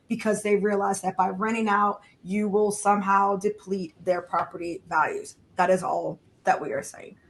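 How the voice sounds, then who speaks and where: A woman's voice: medium pitch, fairly bright tone. A woman co-hosting a podcast, explaining a point firmly. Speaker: podcast co-host. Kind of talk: casual chat.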